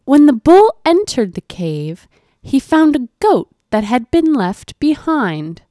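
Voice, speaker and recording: A woman's voice: high voice, big pitch swings, takes it slowly, warm tone, no echo, clean studio sound. A woman narrating a short animal fable in a plain, scripted reading. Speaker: storyteller.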